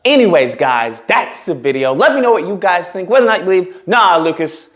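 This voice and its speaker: A man's voice: high-pitched, expressive, fast talker. A man hosting a commentary vlog, talking emphatically and sarcastically and repeating his points. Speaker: channel host.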